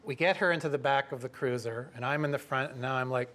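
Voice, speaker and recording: A middle-aged man from Canada telling a lively story to an audience, acting out the voices of the people in it. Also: medium pitch, quick pace. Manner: lively, acts out quoted voices. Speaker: professor telling a story at a talk.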